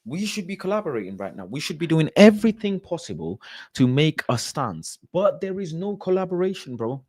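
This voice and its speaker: A man's voice: fairly high pitch, big pitch swings, fairly quick, darkish tone, husky, dry recording, studio quality. A man hosting a call-in show, chatting casually, reading out viewer comments and arguing his points emphatically with lots of repetition. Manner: emphatic, repeats points for stress.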